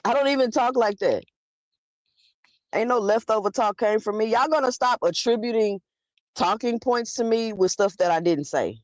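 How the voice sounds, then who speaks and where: A woman's voice: fairly high pitch, moderate pace, no echo, muffled recording. A woman hosting a live stream who talks bluntly and argues straight at her chat. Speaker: livestream host. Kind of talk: live commentary talking to chat.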